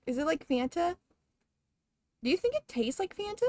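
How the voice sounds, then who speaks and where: A woman's voice: very high-pitched, big pitch swings, moderate pace, darkish tone, no room sound. A young woman streaming a game, chatting casually, rambling, laughing often and swearing offhandedly. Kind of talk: casual chat while gaming.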